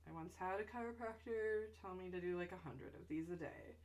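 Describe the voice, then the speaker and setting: Voice teacher, young adult woman, slightly low voice, easygoing chatty demo delivery. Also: fairly quick. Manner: relaxed, chatty, with fillers and asides. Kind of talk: instructional stretch demonstration.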